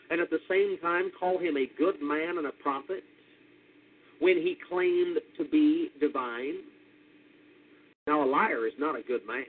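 An American man preaching a radio sermon, deliberate and methodical, spelling out words and rising with emphasis on key points. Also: on the high side, breathy edge. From United States. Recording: tinny lo-fi radio broadcast.

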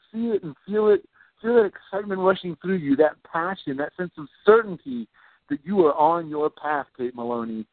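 A man host leading a guided visualization, slow, soothing and encouraging. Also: a little high, dry recording. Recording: tinny phone-like line.

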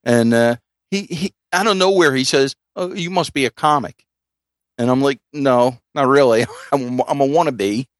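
A man's voice: mid-range voice, normal speed, no room sound, studio quality. A middle-aged man with a Philadelphia accent, co-hosting a casual podcast and telling rambling stories full of restarts and fillers. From South Philadelphia. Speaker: podcast co-host.

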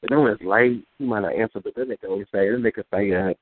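A man's voice: lowish voice, quick pace, a little hiss or hum. Rambling, cursing man on a tinny line. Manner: rambling, profane, repeats himself. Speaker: caller on a community call. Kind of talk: casual storytelling chat. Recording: tinny phone-like line, dry.

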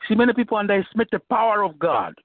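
A man's voice: high-pitched, sing-song, racing, no room sound. A man preaching a conversational sermon, often asking "you know" and repeating phrases for emphasis. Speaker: bishop preaching. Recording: tinny phone line, dry.

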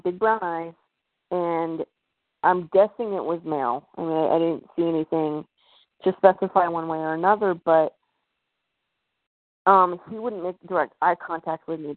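A woman's voice: fairly low pitch, no echo. A woman as a podcast guest, telling a personal story in a hesitant way, full of fillers and restarts. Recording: tinny phone-like line.

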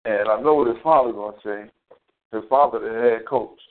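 A man's voice: medium pitch, moderate pace. A man hosting a casual live talk show, ranting in a heated, profane, rambling way. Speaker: show host. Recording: tinny phone-quality audio.

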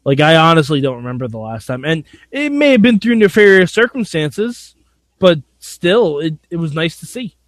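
A man co-hosting a wrestling podcast, excitable and goofy, laughing often. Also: fairly high pitch, moderate pace, no room sound. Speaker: podcast co-host. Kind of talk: casual podcast chat.

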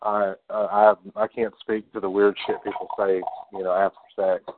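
A man's voice: fairly low pitch, level tone, normal speed, background noise. A man co-hosting a podcast who talks about a movie in casual chat, stammering at times and eager to share behind-the-scenes trivia. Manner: stammering, enthusiastic, trivia-minded. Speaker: podcast co-host. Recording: tinny phone-like, dry sound.

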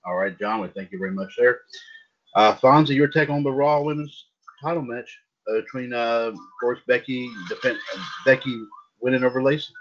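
A man's voice: mid-range voice, moderate pace. A man hosting a wrestling podcast, leading the panel and asking co-hosts for their takes. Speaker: podcast host. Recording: dull lo-fi sound.

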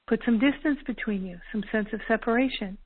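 A woman telling personal stories calmly and earnestly, acting out the dialogue as she goes. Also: a little high, fairly quick, husky. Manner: calm, earnest, acts out quoted dialogue. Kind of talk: reflective personal storytelling. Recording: narrow phone-like audio.

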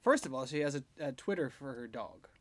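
A man's voice: medium pitch, animated, a little fast. A man co-hosting a casual podcast over beers, swearing and joking, and laughing often. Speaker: podcast co-host.

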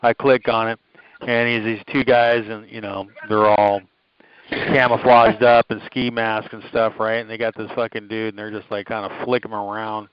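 A man's voice: fairly low pitch, little pitch movement, normal speed, smooth, no room sound, dull audio. A man in casual, crude podcast chat, telling rambling anecdotes full of profanity and quoted lines.

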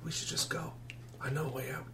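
A man's voice: medium pitch, steady tone, fairly quick, close to an everyday voice. Arlo, a man whispering as a scared young boy. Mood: urgent, pleading. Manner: hushed, urgent whisper. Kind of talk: whispered role-play. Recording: distant noisy mic.

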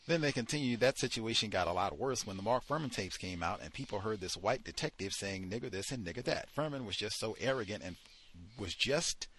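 A man's voice: lowish voice, animated, fairly quick, a bit bright, slightly rough. A man hosting a study session, reading passages aloud from a book and breaking off into heated commentary, with frequent fillers while he searches the text.

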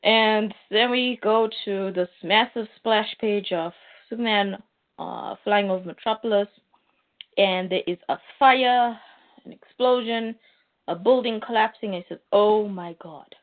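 A woman's voice: medium pitch, unhurried. A woman co-hosting a casual podcast, animatedly recapping a comic book and laughing along the way. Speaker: podcast co-host. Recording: tinny phone-like sound.

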